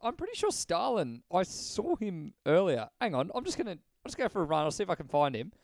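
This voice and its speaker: A man's voice: sits high, big pitch swings, quick pace, a little mellow, dry recording. A man co-hosting a comedy podcast, casual and joking, laughing often and swearing. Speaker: podcast co-host.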